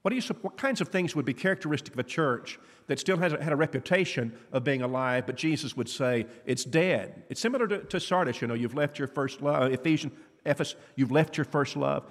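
A man's voice: a little high, fairly quick. Earnest preacher man in a reverberant hall. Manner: earnest, conversational preaching with rhetorical questions. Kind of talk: sermon. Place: church auditorium. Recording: long reverb of a church hall.

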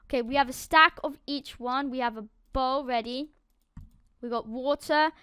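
A woman narrating her game play as she goes, excitable, swinging from quiet muttering to loud outbursts. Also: sits high, normal speed, clean tone, no room sound, clean studio sound. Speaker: gaming YouTuber. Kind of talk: live game commentary.

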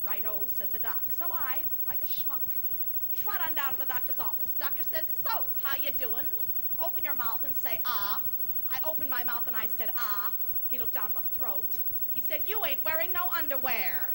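A woman's voice: high voice, lively intonation, normal speed, noisy background. A woman in her forties telling bawdy jokes on a concert stage in a brassy, teasing way. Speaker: singer and comedian on stage. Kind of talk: live stand-up joke telling in concert. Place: large concert hall stage.

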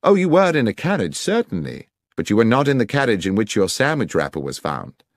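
A man voicing a brisk, incisive male detective in an audiobook, with crisp, precise diction. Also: on the low side, wildly swooping pitch, dry recording, studio quality, pitched above the performer's own voice. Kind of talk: audiobook character reading.

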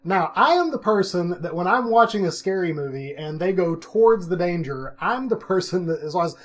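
Animated man telling a spooky story. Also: sits high, fairly quick, few pauses. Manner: animated, self-mocking, laughs often, acts out his own quotes. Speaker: vlog host telling a personal story. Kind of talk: casual storytelling.

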